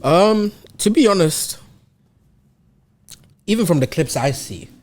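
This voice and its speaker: A man co-hosting a casual sports podcast, his pitch swinging widely as he talks. He teases the others and keeps the banter moving. His delivery is animated and expressive. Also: slow. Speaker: podcast co-host.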